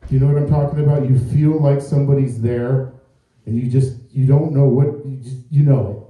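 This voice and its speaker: A man's voice: medium pitch, fairly even intonation, fairly quick, warm tone. A man doing a stand-up comedy set, telling a story with acted-out quotes and asking the crowd questions from a club stage. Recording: roomy and far from the mic.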